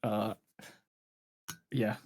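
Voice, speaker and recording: A man's voice: very slow, darkish tone. A man with a British accent, a guest on a casual stream, who stumbles and repeats words while making dry jokes. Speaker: guest content creator. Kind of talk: casual chat.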